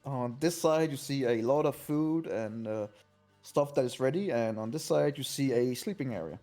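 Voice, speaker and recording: A man narrating as game master of a tabletop game, lively and quick to act out figures in his own voice. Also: mid-range voice, soft background music.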